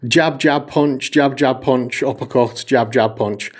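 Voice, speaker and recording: A man's voice: medium pitch, a little slow, slightly rough. A man co-hosting a podcast in casual chat, sweary and rambling, laughing often and filling gaps with ums. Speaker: podcast co-host.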